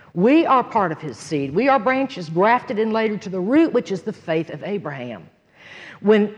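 Woman giving a sermon, earnest, emphatic, lively pitch, reverberant hall. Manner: earnest and emphatic, shifting between loud conviction and hushed retelling. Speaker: Bible teacher.

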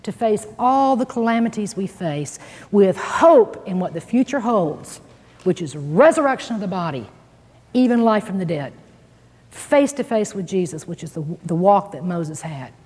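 A woman's voice: medium pitch, animated, moderate pace, darkish tone. A woman teaching a Bible lesson in an earnest, emphatic preaching manner. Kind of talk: sermon. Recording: long hall reverb, husky voice.

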